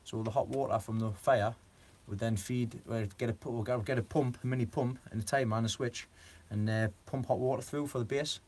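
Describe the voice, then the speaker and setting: A man's voice: mid-range voice, steady tone, brisk, hardly any pauses, darkish tone. Rambling, giggly man. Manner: rambling, giggly, many fillers. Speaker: gardening live-streamer. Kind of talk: casual live stream chat.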